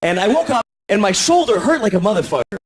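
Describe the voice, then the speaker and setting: A man's voice: very animated, fast. An American man doing a crude, self-deprecating stand-up comedy routine, acting out voices. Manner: crude, self-deprecating, acts out voices with big pitch swings.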